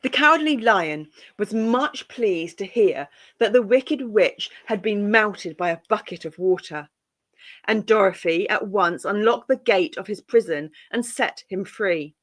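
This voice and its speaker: Calm woman reading a storybook aloud. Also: mid-range voice.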